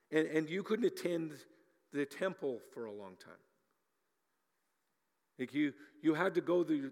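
A man preaching a sermon as a pastor, animated, often repeating words as he talks and acting out little scenes. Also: a little high, in a large hall.

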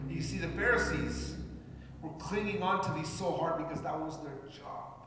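A man's voice: a little high, moderate pace, noisy background. A man from Canada preaching a sermon, talking conversationally and addressing the congregation directly. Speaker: pastor. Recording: echoey hall with long reverb.

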